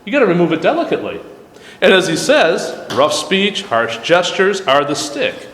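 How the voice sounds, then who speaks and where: A man's voice: high-pitched, sing-song, normal speed, fairly bright tone. A man leading a church study group, teaching in a casual, conversational way and often restarting his sentences. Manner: conversational, frequent restarts, quotes texts aloud. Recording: echoey room with long reverb.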